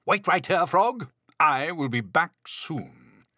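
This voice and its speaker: A man voicing an excitable, fussy male toad in a children's storybook reading, with flustered exclaiming cries. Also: on the high side, slow pace, no echo, studio quality, pitched above the performer's own voice, exaggerated voice. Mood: cheerful.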